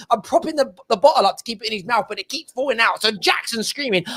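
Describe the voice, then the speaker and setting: A man hosting a casual football chat show, telling stories with lively energy and mimicking voices. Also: extremely high pitch, quick pace, hardly any pauses. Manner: animated storytelling, mimics his kids. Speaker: show host.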